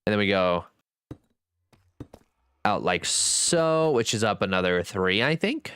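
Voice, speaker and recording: Lively smooth-voiced male game streamer. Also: slow pace. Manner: reads and answers chat aloud, thanks viewers; jokey, self-teasing, swings between high and low pitch. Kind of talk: casual live-stream chat.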